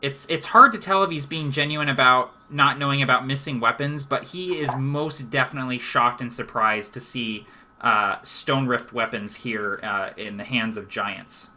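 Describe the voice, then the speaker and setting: A man's voice: mid-range voice, moderate pace, background noise. A man narrating a tabletop game as game master, describing the scene in a loose, chatty way full of filler words.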